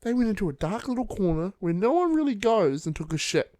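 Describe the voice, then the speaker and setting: A young man with a New Zealand accent co-hosts a casual podcast, telling a story while swearing and laughing. His high voice is very animated and a little mellow, moving at a fairly quick pace.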